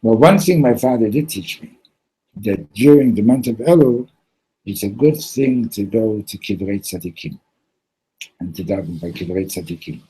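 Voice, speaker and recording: A man doing a sly deadpan villager. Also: husky, poor audio. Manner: low, slow and deadpan. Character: sly, quiet village man, dryly menacing.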